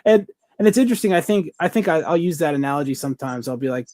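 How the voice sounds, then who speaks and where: A man's voice: fairly high pitch, lively intonation, quick pace, darkish tone, no room sound. A man co-hosting a podcast, chatting casually and enthusiastically in a rambling way, full of fillers and restarts. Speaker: podcast co-host. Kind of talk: casual review chat.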